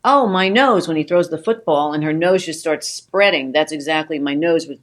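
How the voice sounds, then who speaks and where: A woman co-hosting a casual talk show, telling an animated story about her own mishap and acting out her own cries. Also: low voice, a little fast. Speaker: co-host, wife of the host.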